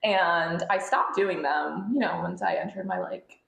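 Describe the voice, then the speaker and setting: Young American pageant queen, lively and sincere, room echo on the track. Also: on the low side, unhurried, vocal fry. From United States. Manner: earnest and animated, laughs often. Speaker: pageant titleholder guest. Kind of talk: casual interview conversation. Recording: echoey room.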